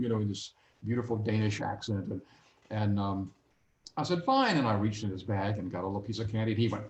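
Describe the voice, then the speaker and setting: Man, mid-pitched, lively storyteller, playful voices, casual interview, roomy echo. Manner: animated, acts out voices in anecdotes. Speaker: guest.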